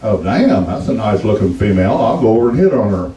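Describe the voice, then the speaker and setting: A man's voice: lowish voice, big pitch swings, fast talker, mellow, roomy sound, recorded from a distance, muffled recording. A man in his seventies with a Texan accent, doing stand-up and telling folksy stories in a drawl, voicing the people in them. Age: 70s. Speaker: stand-up comedian. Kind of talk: stand-up storytelling.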